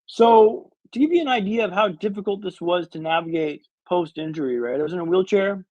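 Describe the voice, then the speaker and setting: A man's voice: sits high, animated, fairly quick, dry recording, lo-fi sound. A man in his thirties telling a story as a podcast guest, dramatic and wry with comic timing. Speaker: guest speaker.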